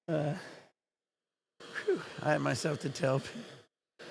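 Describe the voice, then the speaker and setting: A man talks through his gaming livestream with a gravelly, fry-heavy voice at a middling pitch. He is excitable and casual, swearing freely and letting out breathy exclamations as he chats to viewers. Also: measured pace, pauses often, slight background noise. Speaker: livestream gamer.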